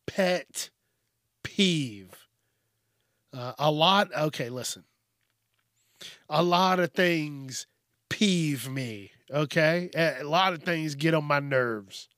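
A man talks through a solo podcast in a slow, drawn-out delivery, his voice sitting a little high for a man. He rants bluntly and swears freely, in a dry, close recording with no room sound. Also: fairly bright tone, dry recording. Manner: profane, ranting, blunt and conversational. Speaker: podcast host. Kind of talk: casual solo podcast monologue.

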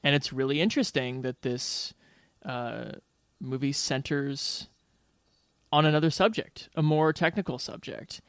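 A man's voice: medium pitch, a little slow, fairly bright tone, clear, resonant tone, no echo, clean studio sound. A man co-hosting a podcast in casual film discussion, searching for words as he talks. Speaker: podcast co-host.

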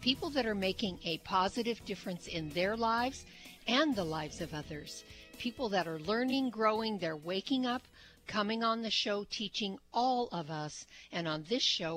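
A woman's voice: mid-range voice, normal speed, a bit bright, soft background music. A woman co-hosting a radio talk show, giving a practiced, upbeat welcome and leading the interview. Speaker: radio co-host.

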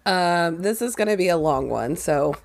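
Woman co-host, chatty and giggly, animated pitch, loose podcast banter. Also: normal speed, gravelly. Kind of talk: casual podcast chat.

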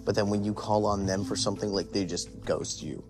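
With music in the background, the young podcast host speaks briskly in a fairly low, steady-toned voice. He tells a candid, confessional personal story casually, rambling along and filling it with "like."

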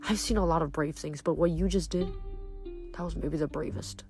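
Brief: woman voicing an earnest, weary teen boy hero for a storybook reading, soft and lowish, light music behind. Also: brisk, natural voice. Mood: gentle. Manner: gentle, hoarse-edged, earnest. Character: worn-out, kind teenage boy hero.

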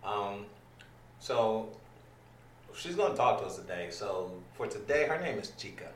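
A man's voice: on the low side, big pitch swings, a little slow. A man hosting a casual podcast, talking loosely with lots of ums, restarts and swearing. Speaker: podcast host. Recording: echoey room, mic at a distance, faint noise.

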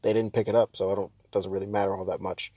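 A young man in a casual vlog rant, talking fast and loose with lots of fillers and restarts. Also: on the low side, level tone, no echo. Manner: ranting, exasperated, jumps to loud mock shouts.

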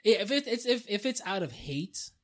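A man co-hosting a podcast, talking casually with halting restarts and frequent agreement. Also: high voice. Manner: relaxed, halting, many restarts and agreeing interjections. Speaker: podcast co-host. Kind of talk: casual chat.

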